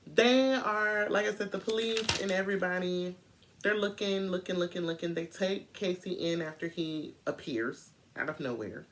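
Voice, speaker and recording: A woman telling a true crime story in a casual, animated way, speaking straight to her viewers. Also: on the low side.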